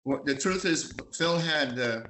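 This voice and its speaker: An older man from the Bronx, telling lively anecdotes as a guest, acting out voices and singing bits of songs. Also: on the high side, a little slow, a little hiss or hum, low-quality recording. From East Bronx, New York. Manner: animated raconteur, acts out voices and sings snatches. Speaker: magazine publisher, guest. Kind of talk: storytelling interview.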